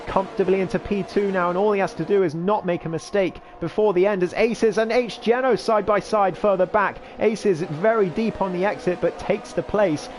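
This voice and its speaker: A man calling a race live as commentator, talking in a rapid, excitable way while he is losing his voice. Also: sits high, slight background noise. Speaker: sim racing commentator.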